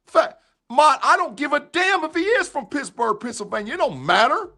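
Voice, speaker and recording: A man's voice: extremely high pitch, sing-song, a little slow, sharp tone. A man streaming a heated football rant, repeating his points and answering chat viewers by name. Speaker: sports streamer reacting to live chat.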